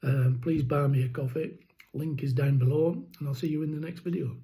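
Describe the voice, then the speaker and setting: A man's voice: on the high side, steady tone, brisk, warm tone, poor audio. A man with a rattle in his throat, explaining poultry keeping in a rambling, casual vlog. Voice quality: rambling, many ums and restarts. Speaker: poultry keeper vlogger.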